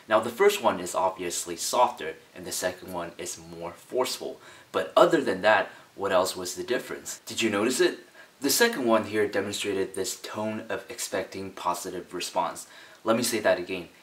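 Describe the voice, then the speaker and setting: Man, very low voice, emphatic conversation-skills coach, slightly distant recording. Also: a bit bright. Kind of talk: instructional video monologue.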